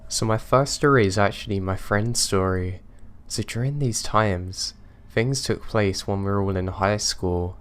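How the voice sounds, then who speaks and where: Low-voiced man narrating horror stories. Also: measured pace, clean tone. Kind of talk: scripted narration of reader-submitted stories.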